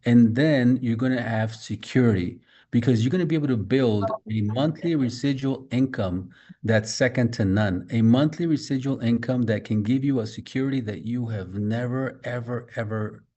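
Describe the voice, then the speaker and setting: In a motivational business training talk, a man speaks directly to his listeners, emphatic and repeating his key points. His voice is medium in pitch and dark in tone, delivered at a moderate pace.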